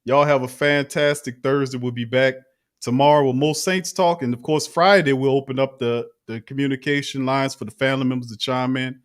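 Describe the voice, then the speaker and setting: A man's voice: medium pitch, fairly even intonation, brisk. A man hosting a casual sports talk show, laid-back and teasing. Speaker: host.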